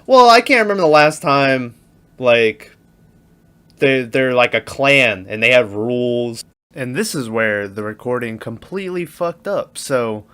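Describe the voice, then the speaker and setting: A young man co-hosts a casual movie podcast, recapping scenes in an easygoing way. His voice has a bright, forward tone, and he often breaks into laughter. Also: medium pitch, smooth. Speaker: podcast co-host. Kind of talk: casual movie review chat.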